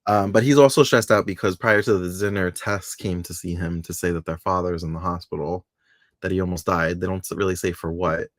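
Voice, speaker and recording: A man with a low, deep voice chats casually as a podcast co-host, recapping soap episodes. He laughs often and slips into voices when quoting characters. The sound is dry and close. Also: fairly even intonation, fairly quick, dry recording.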